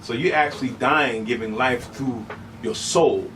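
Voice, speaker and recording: A middle-aged man telling stories as an interview guest, animated and casual, often saying "you know what I'm saying". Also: mid-range voice, measured pace, far from the mic, a little hiss or hum, poor audio. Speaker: human beatboxer, interview guest.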